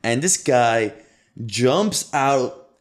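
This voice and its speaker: A man's voice: medium pitch, animated, very slow. A man co-hosting a casual podcast, joking and laughing often as he tells stories. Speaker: podcast co-host. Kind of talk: casual chat.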